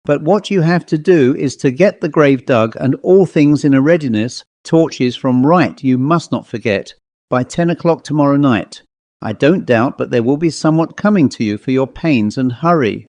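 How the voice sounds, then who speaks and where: A man voicing an old-fashioned country rector who speaks crisply and a little impatiently. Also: medium pitch, normal speed, a little mellow, no echo, close to an everyday voice. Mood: brisk. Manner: crisp, clipped and somewhat impatient. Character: brisk, fussy male country rector.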